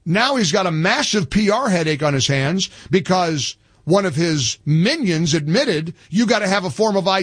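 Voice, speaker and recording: A man's voice: high voice, husky, dry recording, clean studio sound. A man hosting a talk radio show, delivering emphatic, scornful commentary in a punchy way.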